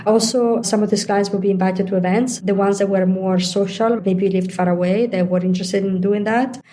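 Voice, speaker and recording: A woman's voice: medium pitch, steady tone, moderate pace, warm tone. A middle-aged woman, a guest in an interview, explaining her points at length with examples. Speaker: interview guest, digital executive. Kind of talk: conversational interview.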